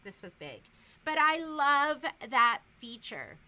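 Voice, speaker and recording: Woman, shop host, casual chatty delivery, bright and slightly high voice, faint room noise behind. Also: sing-song, slow pace, rough recording. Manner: chatty, enthusiastic about quilting features.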